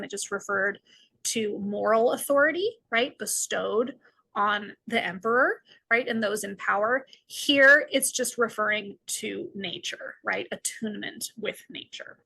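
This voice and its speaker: Bright-voiced woman giving a lecture. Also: medium pitch, measured pace, vocal fry, husky. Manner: frequent tag questions, explanatory. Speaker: philosophy lecturer. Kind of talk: recorded lecture.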